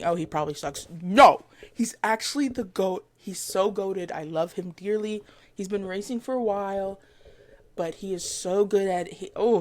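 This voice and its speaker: A woman chatting casually to camera as a vlogger, excitable and rambling, with lots of fillers, giggles and self-corrections. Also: lowish voice. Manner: gushing fan talk with giggles.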